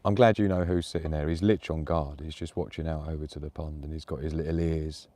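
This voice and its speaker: A man's voice: very deep voice, fairly even intonation, a little fast, mellow. A man live-streaming casual chat outdoors in the woods at night, laughing often and cooing at his dog. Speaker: prepper vlogger.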